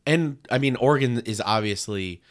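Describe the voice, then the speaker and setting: A man's voice: medium pitch, normal speed. A man co-hosting a casual comedy podcast, laughing often and rambling with restarts. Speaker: podcast co-host.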